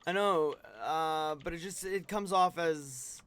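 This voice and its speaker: A man's voice: on the high side, slow pace, a bit bright, clear, resonant tone. A man streaming a video game, chatting casually and rambling with many restarts and fillers. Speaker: streamer co-host. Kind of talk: casual chat while gaming.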